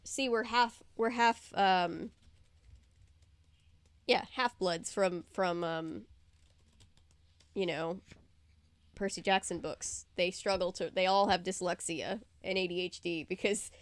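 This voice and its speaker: A woman hosting a casual read-aloud of a novel, animated and chatty with asides, sometimes stumbling over words. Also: on the low side, slow, long pauses, no echo. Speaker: host reading a novel aloud.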